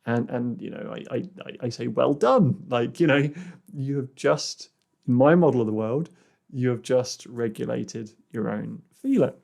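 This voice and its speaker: A man talks through a personal growth podcast episode at a middle pitch, telling a client story in a loose, conversational way. He restarts often and fills gaps with "you know" and "like". When he quotes the exercise, he drops to a soft, low voice. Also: unhurried, creaky. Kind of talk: solo podcast monologue.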